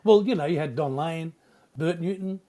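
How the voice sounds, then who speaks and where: Older Aussie man, veteran radio voice, warm and unhurried, rambling recollections. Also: on the high side. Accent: Australian. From Australia. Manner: rambling, halting, many restarts. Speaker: veteran radio broadcaster, guest. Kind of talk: casual reminiscing interview.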